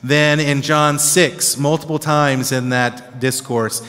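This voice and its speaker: A male pastor gives an animated, conversational Bible teaching in a fairly high voice. His words ring with the long reverb of a church hall. He keeps checking in with his listeners as he goes. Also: slow pace. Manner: animated, conversational, acts out disciples' reactions with tag questions.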